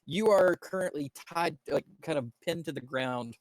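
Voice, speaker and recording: A man narrating as game master of a tabletop game, halting with many fillers and restarts. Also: on the high side, dry recording, low-quality recording.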